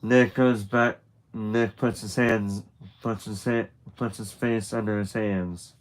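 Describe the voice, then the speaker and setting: A man's voice: fairly low pitch, steady tone, takes it slowly, low-quality recording. A man narrating a graphic novel aloud on a live stream, casual and chatty, with restarts and asides. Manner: loose and chatty, with restarts and laughter.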